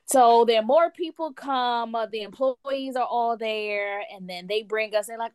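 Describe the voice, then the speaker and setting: A woman tells a story in a relaxed chat, full of life and jumping into other people's voices as she goes. Her voice sits at a middle pitch. The recording is close and dry, with no room sound. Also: normal speed, few pauses, clean tone, no echo. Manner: animated, acts out quotes of others. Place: lives in France.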